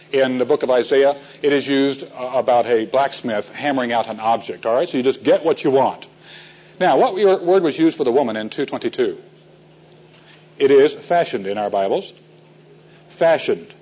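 A man's voice: mid-range voice, darkish tone, breathy edge, lo-fi sound. A man teaching a men's Bible class in a folksy storytelling way, asking his listeners questions.

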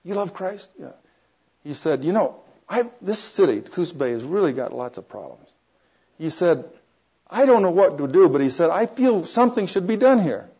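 An older man gives a personal testimony in a sermon, circling back and restarting sentences as he tells his story with small chuckles. His voice sits fairly high for a man. The recording is dull and lo-fi. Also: big pitch swings, moderate pace, warm tone, breathy edge. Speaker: preacher.

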